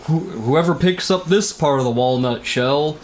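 A man's voice: on the high side, moderate pace, slight background noise. Joking man on a casual podcast. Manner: rambling, laughs often, crude jokes. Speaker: podcast host.

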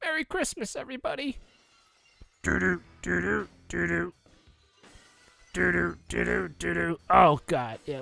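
A high, lively young man gives jokey commentary over a video game, his voice gravelly and sharp. He keeps breaking into mock announcer shouts. The recording is dry and close, with faint game music underneath. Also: no echo. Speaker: let's play gamer.

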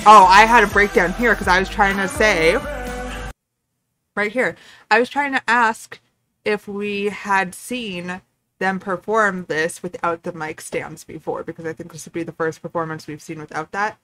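Excitable young woman reacting, lots of swearing and yelling, bright tone, a little music in the back. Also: medium pitch, moderate pace. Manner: excitable, swearing, frequent laughs and outbursts. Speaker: reaction video host. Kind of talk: casual reaction commentary.

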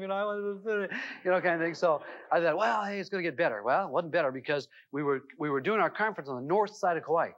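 Middle-aged guy giving a self-help seminar, kinda high voice, folksy rambling storyteller, muffled old vhs sound. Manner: animated, folksy, lots of fillers and restarts. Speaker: seminar speaker. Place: seminar room. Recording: dull lo-fi VHS tape audio.

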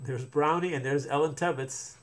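A man's voice: a little high, moderate pace. A man reading a children's book aloud, stopping to explain things to young listeners.

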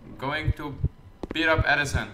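A man's voice: fairly high pitch, steady tone, moderate pace, noisy background. Sarcastic man gaming in an echoey room. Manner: sarcastic, swearing, joking to himself. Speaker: gamer. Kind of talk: let's play commentary.

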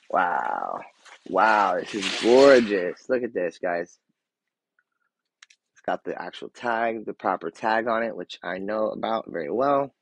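Guy in his 30s live streaming off his phone, kinda low voice, all gushy and hyped, lots of um and like, sometimes goes quiet and whispery. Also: background noise. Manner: gushing and excitable, lots of fillers and restarts. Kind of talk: casual live-stream gift unboxing.

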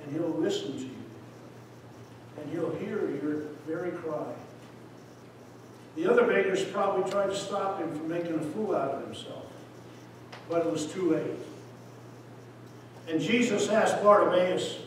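A man, a missionary preacher, giving an impassioned sermon that swings between loud appeals and hushed words. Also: fairly high pitch, unhurried, pauses often, slight background noise. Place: church sanctuary. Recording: echoey hall, voice from far off.

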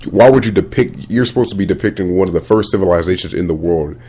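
A man's voice: low voice, quick pace, mellow, slightly rough. A man hosting a podcast, giving casual, rambling movie commentary full of restarts and slang. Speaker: podcast host.

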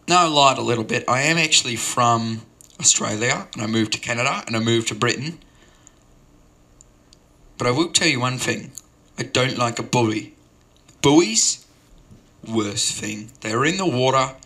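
A man telling a rambling, absurd story at an open mic in a deadpan way, full of digressions. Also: medium pitch, normal speed, long pauses.

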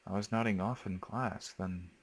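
A man voicing a confused teenage schoolgirl heroine in a horror game, speaking softly with a puzzled, questioning tone. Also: on the low side, fairly even intonation, moderate pace, gravelly, heavy background noise.

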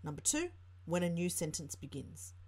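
A woman's voice: on the low side, big pitch swings, moderate pace, a little mellow, breathy edge. A woman tutor with an Australian accent, explaining a writing lesson and reading example sentences aloud. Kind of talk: teaching lesson narration.

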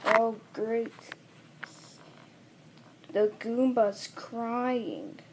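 A goofy, giggly woman with a high, lively voice, talking her way through a silly homemade skit. She speaks very slowly and drags out her words. A loud hiss of noise sits under everything in this homemade recording.

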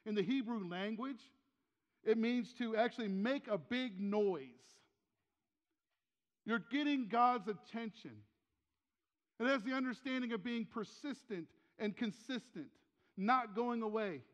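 An older male pastor with a high voice preaches in a church sanctuary, where long reverb trails his words. He keeps it conversational and throws out questions to the room, repeating his key lines for weight. The sound is dull and lo-fi. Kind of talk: sermon.

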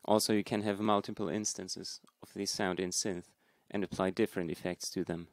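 A man hosting a software tutorial, explaining calmly and plainly, recorded on a close desk mic. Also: deep voice, brisk, dry recording. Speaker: tutorial host.

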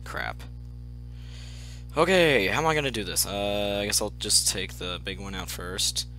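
A man's voice: mid-range voice, a little slow, faint music behind. Jumpy young man narrating his gameplay. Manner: jumpy, swings from muttering to excited yelps. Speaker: gameplay commentator. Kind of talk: let's play commentary.

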